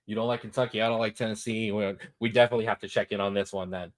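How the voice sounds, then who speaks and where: A man hosting a sports talk show, giving his betting picks in a lively, repetitive, hyped-up way. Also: fairly low pitch, very fast. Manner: animated, repetitive, hypes picks.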